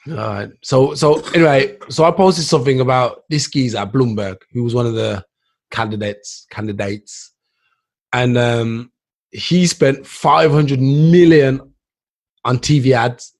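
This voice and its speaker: In casual banter as a podcast host, a laid-back man keeps dropping "man" and "dude" into his talk. His mid-range voice moves at a measured pace.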